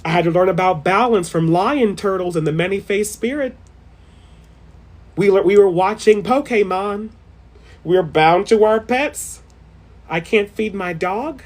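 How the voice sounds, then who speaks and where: A vlogger in a casual spiritual rant, profane and excitable, swinging between shouting and murmuring. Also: mid-range voice, a little slow.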